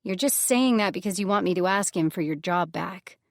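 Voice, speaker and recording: A woman's voice: fairly low pitch, normal speed, no room sound, clean studio sound, natural voice. A woman voicing a guarded young goddess in an audiobook, answering in cool, clipped, wary lines. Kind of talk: audiobook character voice.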